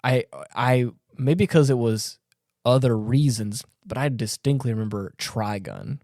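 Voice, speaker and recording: A man's voice: medium pitch, animated, unhurried, darkish tone, dry recording, studio quality. A man co-hosting a podcast, chatting casually, rambling with many stammered restarts and frequent laughs. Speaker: podcast co-host. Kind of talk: casual chat.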